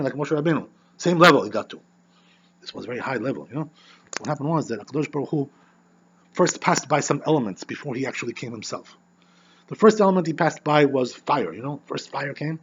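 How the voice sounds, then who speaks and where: A man who is a rabbi teaching an informal Torah class, animated and constantly checking in with "you know" and "right?". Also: a little high, highs cut off, a little hiss or hum.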